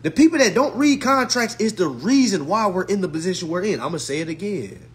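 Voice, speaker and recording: This man, a social media commentator, speaks fairly quickly in a high, very animated voice. Addressing his followers, he mocks and swears through a monologue of blunt slang, repeating his comebacks.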